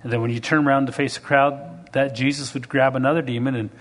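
With a mid-range voice and quick pace, a male preacher tells stories within his sermon, voicing the characters himself. He grows animated and builds toward emphatic, rising preaching.

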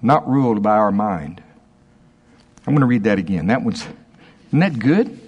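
A male pastor preaching a sermon, reading quotations slowly and emphatically with asides to the congregation. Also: fairly low pitch, expressive, a little mellow, breathy edge.

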